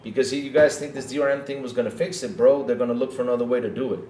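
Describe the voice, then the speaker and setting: A man's voice: mid-range voice, steady tone, very fast, dark tone, reverberant. A man hosting a gaming podcast in a casual, mocking rant, often tacking "though" onto his sentences.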